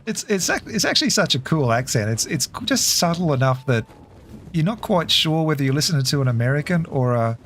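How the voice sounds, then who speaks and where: A man's voice: fairly high pitch, animated, fairly quick, fairly bright tone, a little hiss or hum. A man with an Australian accent chatting casually with his livestream viewers while playing a game, laughing often. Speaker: game streamer.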